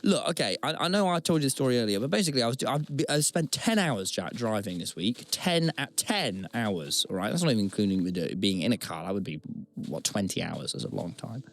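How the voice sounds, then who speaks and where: A man's voice: on the low side, big pitch swings, fairly quick, creaky, hardly any pauses. A young man, co-hosting a podcast, telling stories in a rambling, self-mocking way with dramatic outbursts. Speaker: podcast co-host. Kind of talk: casual storytelling chat.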